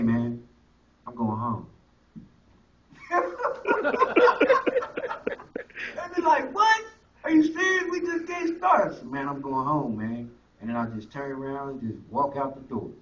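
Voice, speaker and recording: Man, personal testimony, high and bright, acts out scenes, recorded from afar in an echoey room. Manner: animated storytelling, acts out scenes. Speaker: testimony speaker. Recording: echoey room, distant, dull sound.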